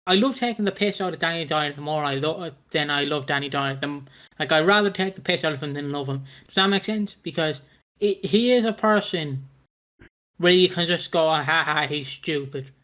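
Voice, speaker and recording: A man's voice: on the high side, brisk, a bit bright. A man co-hosting a casual TV review podcast, frank and rambling. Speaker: podcast co-host. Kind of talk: casual chat.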